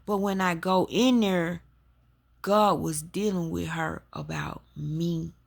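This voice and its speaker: Woman host, slow unhurried delivery, emphatic preacher's testimony to her audience. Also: fairly low pitch, fairly even intonation, vocal fry. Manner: emphatic, addresses listeners as y'all. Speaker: spiritual talk host.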